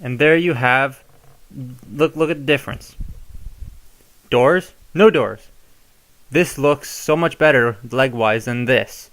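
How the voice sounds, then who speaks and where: A man's voice: medium pitch, slow pace, pauses often, a bit bright. A young man casually showing how to modify a toy, chatty and given to rambling asides. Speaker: toy reviewer. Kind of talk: casual hands-on tutorial.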